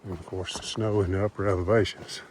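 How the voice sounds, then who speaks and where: A man narrates his hike into a handheld camera. He rambles and chuckles to himself as he walks along the trail. Outdoor noise sits clearly behind him. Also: low-pitched, steady tone, quick pace, darkish tone. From American South. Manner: rambling, chuckling, talks to himself while walking. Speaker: thru-hiker vlogger. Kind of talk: casual trail vlog narration. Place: outdoors on a mountain hiking trail.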